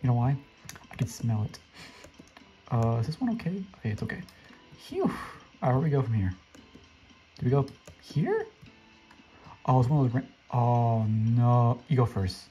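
A woman giving casual, excitable commentary while playing a game, talking to other players and squealing when she jumps. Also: a bass voice, moderate pace, long pauses, faint music behind. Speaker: gaming channel host.

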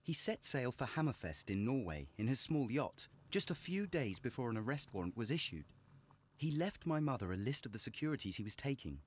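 Earnest young guy in a game, lively pitch, mid voice. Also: brisk, husky. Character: earnest young man recounting his family's ruin. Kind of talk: scripted game dialogue.

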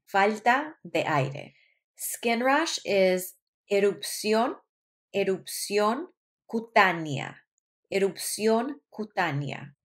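A woman from Colombia, a nurse practitioner, teaching medical Spanish vocabulary by saying each term slowly and repeating it. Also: mid-range voice. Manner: slow, careful pronunciation with repetition. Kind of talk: vocabulary lesson.

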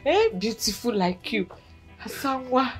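A woman's voice: a little high, big pitch swings, measured pace, slightly rough, soft background music, heavily acted, low-quality recording. A middle-aged actress with a Nigerian accent playing a mother who comforts her grown daughter. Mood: comforting. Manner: soothing, reassuring. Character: warm, comforting village mother. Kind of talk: Nollywood film acting.

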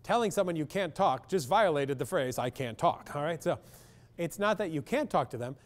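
A man's voice: fairly high pitch, expressive, a little fast. A man, a clinical psychologist, speaking bluntly and with humor in a public talk to parents, often asking the audience questions.

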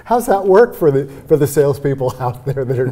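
Brief: male sales trainer guest, emphatic and animated, dark mellow tone. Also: mid-range voice, a little fast. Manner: animated, emphatic, laughs while explaining. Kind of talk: conversational interview.

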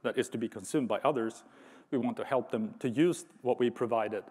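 Fairly quick and a little mellow with a slightly rough edge, a man's medium-pitched voice delivers a conference talk. He's thoughtful and lightly humorous, often restarting sentences, in a large hall with reverberant sound.

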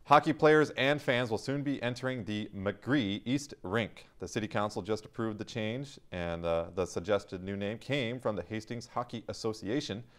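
A man co-hosting a local community TV show, reading headlines with dry, deadpan jokes and frequent fillers. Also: lowish voice, moderate pace, few pauses. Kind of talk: joking news-desk banter.

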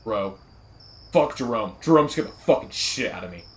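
A man's voice: lowish voice, animated, normal speed. A young man doing profane, nervous, jokey commentary while playing a horror game. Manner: profane, jittery, nervously joking. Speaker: gamer.

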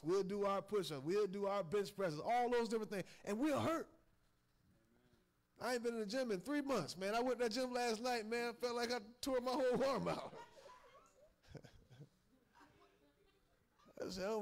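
A man preaching a sermon in a folksy way, laughing and calling out to his congregation. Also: sits high. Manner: folksy, laughing asides, calls and responses to the congregation.

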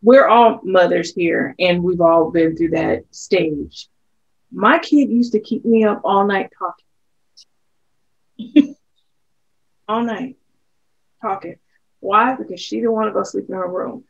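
A woman with a gravelly, fry-edged voice chats casually as a podcast co-host, pausing on ums as she thinks aloud. The sound is slightly dull and lo-fi. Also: medium pitch. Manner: reflective, trails off with ums. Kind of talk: casual chat.

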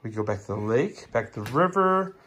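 Young mom, home phone video, playful coaxing, low voice with huge pitch swings. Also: female voice, expressive, a little fast, a bit bright, breathy edge. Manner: playful, coaxing, sing-song egging on. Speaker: parent filming her kids. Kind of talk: casual home video chat. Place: living room at home.

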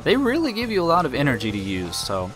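A man's voice: a little high, huge pitch swings, fast. A man hosting a game playthrough, talking in a loose, offhand way with frequent restarts and some swearing. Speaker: let's play host. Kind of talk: casual gameplay commentary. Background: game music.

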